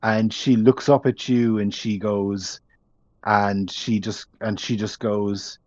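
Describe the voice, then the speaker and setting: A man narrating a tabletop game as game master, slow and halting as he searches for words, over an online call. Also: on the low side, level tone, a little mellow, no room sound, highs cut off.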